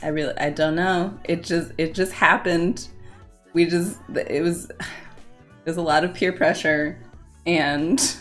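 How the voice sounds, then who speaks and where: A woman's voice: fairly low pitch, steady tone, takes it slowly, faint music behind. A woman streaming live, chatting casually with her viewers, reading their messages aloud and often breaking into laughter. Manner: playful, giggly, reads chat aloud. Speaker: Twitch streamer.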